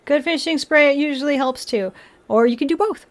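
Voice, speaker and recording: A woman's voice: high-pitched, fairly quick. A woman hosting a livestream while building a model kit, chatting casually, answering viewers and laughing often. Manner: chatty, giggly, answers chat.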